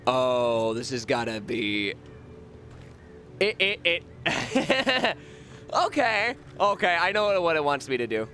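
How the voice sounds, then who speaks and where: High, lively man chatting while gaming. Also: takes it slowly, a little hiss or hum. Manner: rambling, jokey, swears freely, breaks into chanting. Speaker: livestreamer. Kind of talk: casual gameplay commentary.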